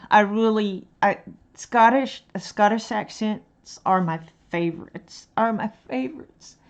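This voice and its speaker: A woman's voice: medium pitch, lo-fi sound. A woman from Dallas with a mild Texan accent, chatting casually and hesitantly with many fillers while painting on a livestream. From Dallas, Texas. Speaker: livestreaming artist.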